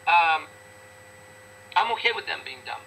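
A man speaking as an interview guest with a very bright, forceful edge to his voice. He talks bluntly and profanely and hammers his points home by repeating words. His pitch sits a little high for a man. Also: big pitch swings, measured pace, creaky, breathy edge, rough recording. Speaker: interview guest, business owner. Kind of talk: casual interview talk.

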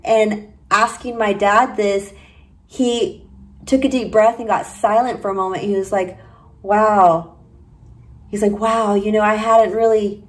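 A young woman speaks to camera in an unhurried, earnest way, sharing a personal spiritual story. She confides in the listener and slips into little acted-out quotes as she goes. Her pitch sits in an ordinary middle range. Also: rough recording. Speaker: spiritual vlogger.

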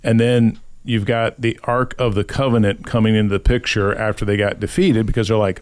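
Lively man retelling a story, dry close mic. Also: lowish voice, moderate pace, no echo. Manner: animated storyteller who acts out voices in quotes. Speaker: podcast host. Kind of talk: casual podcast chat retelling scripture.

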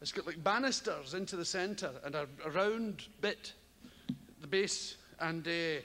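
A man's voice: on the high side, measured pace, fairly bright tone. An older man with a Scottish accent doing rambling, profane stand-up comedy on a theatre stage, often laughing as he talks. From Scotland. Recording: live theatre, long reverb, audience noise.

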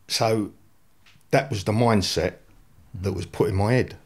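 This London-accented guest from England, a man in his forties, narrates his life bluntly and lively, tossing in slang without polish. His pitch is fairly low and his pace measured, and he pauses often.

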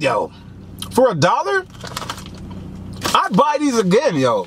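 A young man hosting a casual snack taste-test vlog, animated and joking, with lots of slang. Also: very high voice, takes it slowly, noisy background. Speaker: snack reviewer.

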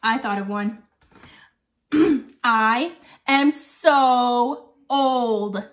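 A woman's voice: high-pitched, expressive, a little slow, a bit bright. A woman voicing a forgetful old lady who teaches young children, chatting while chewing candy. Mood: chatty. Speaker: guest teacher for a kindergarten class. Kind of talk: playful video lesson for young children.

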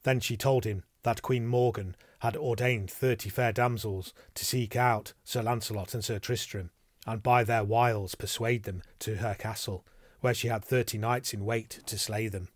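A man narrating an audiobook in an even, measured storytelling manner. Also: lowish voice, dry recording, clean studio sound.

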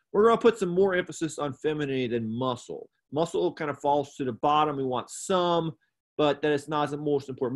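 A man teaching a livestock judging clinic, explaining traits step by step in a plain, methodical way with frequent fillers and self-corrections. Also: a little high. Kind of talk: instructional explanation.

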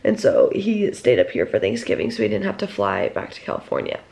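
A woman's voice: extremely low pitch, huge pitch swings, fairly quick, gravelly, dark tone. A young woman in college chatting casually to the camera in a vlog, with lots of "like" fillers. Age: young adult. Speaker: vlogger. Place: at home and out on errands.

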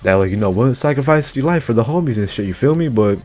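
Slangy, profane man reacting out loud. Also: mid-range voice, animated, fast. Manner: slangy, profane, keeps exclaiming "yo, what?". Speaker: anime reaction YouTuber. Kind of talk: casual reaction commentary.

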